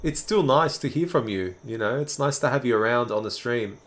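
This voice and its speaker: This livestream host is a man in his twenties or thirties with a Sydney Australian accent. Speaking briskly at a medium pitch, he chats in a relaxed way with viewers, answering their messages one at a time.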